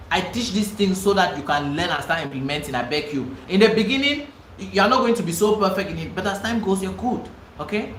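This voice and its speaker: A man's voice: high voice, animated, brisk, echoey room, slight background noise, low-quality recording. A man with a Cameroonian English accent teaching a live online real estate class, emphatic and repeating himself for stress. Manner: emphatic, repeats phrases, pleading asides.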